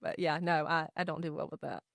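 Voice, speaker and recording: A woman co-hosting a podcast in casual chat, telling stories with lively acted-out quotes. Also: low-pitched, fairly quick, gravelly, dry recording, studio quality. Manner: animated storyteller, acts out quotes. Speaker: podcast co-host.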